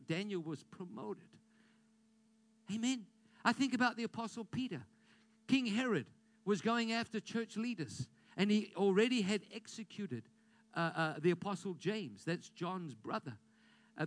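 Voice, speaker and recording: A man preaching a sermon as pastor, emphatic and repetitive, leading his congregation in call-and-response. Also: sits high.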